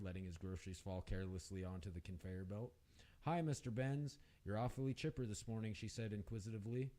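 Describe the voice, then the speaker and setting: Give me a man with a lowish voice reading a story aloud on the radio. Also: darkish tone. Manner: reads aloud, raises pitch for the women's lines. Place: radio studio.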